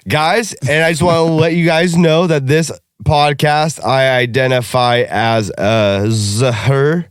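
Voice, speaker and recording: A man's voice: medium pitch, fairly even intonation, unhurried, clean tone, dry recording, studio quality. A man co-hosting a podcast in casual chat, brash and joking, swearing freely. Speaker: podcast co-host.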